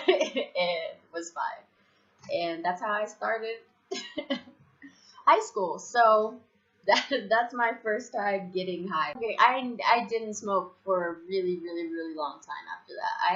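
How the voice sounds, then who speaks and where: A young woman vlogger telling a story in a casual, animated way, laughing often and acting out her own past reactions. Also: mid-range voice, muffled recording.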